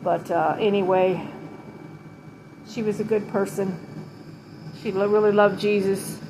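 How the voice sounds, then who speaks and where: A middle-aged woman talks slowly and haltingly at home, often pausing, restarting and holding back tears as she remembers her mother. She sounds tired. A steady hum of air conditioning sits clearly under her voice. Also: medium pitch. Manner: halting, tearful, many pauses and restarts. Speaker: vlogger giving a tribute to her late mother. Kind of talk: emotional personal vlog.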